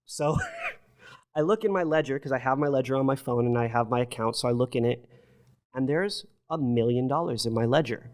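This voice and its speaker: Fast-talking man telling a wild story. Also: mid-range voice. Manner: animated, profane, acts out quotes. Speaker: podcast guest. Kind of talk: storytelling in casual chat.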